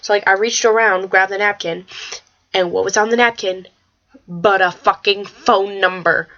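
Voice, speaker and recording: Teen girl rambling on her webcam, gets excitable and swears, kinda muffled lo-fi audio. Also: medium pitch, normal speed. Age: teens. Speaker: vlogger. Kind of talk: casual vlog chat. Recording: slightly dull lo-fi webcam audio.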